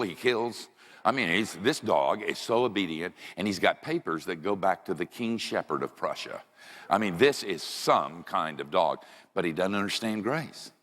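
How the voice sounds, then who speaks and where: A deep-voiced man preaching in a large church, with a lively, swooping delivery. His tone is jokey and animated, and he jumps into high yells as he tells funny stories. Long reverb trails behind every line. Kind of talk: humorous sermon storytelling.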